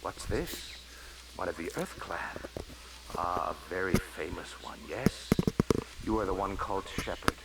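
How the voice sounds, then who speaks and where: Barla Von, deep, formal alien broker. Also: male voice, measured pace. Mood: smooth formal. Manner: courteous, formal, flattering. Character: polite, scheming male alien financial agent. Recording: noisy game audio capture.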